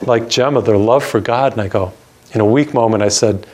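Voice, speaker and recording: An older man, a Catholic priest, telling a personal story in an earnest sermon and slowing down to stress key words. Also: on the low side, a little mellow.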